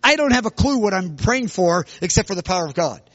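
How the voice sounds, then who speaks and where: A middle-aged man preaching, telling a personal story with sudden loud outbursts. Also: sits high, fast talker, no echo, highs cut off. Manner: animated, bursts into loud shouts when retelling. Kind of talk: sermon testimony storytelling.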